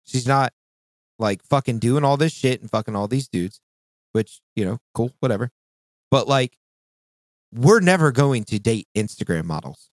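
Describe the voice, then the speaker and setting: A man co-hosting a casual podcast, talking with a lively, swinging pitch and breaking into exaggerated mock voices. He swears freely and keeps it loose. The sound is close and dry, with no room around it. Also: moderate pace, pauses often, no room sound. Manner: animated, swearing, mimics voices with big pitch jumps. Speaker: podcast co-host.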